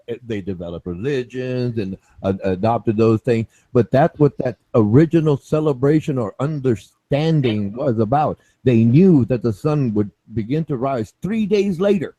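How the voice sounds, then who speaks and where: A man's voice: mid-range voice, warm tone, dry recording, poor audio. A man explaining his view at length in a group chat, lecturing and repeating himself, checking in with "okay?" and "right?".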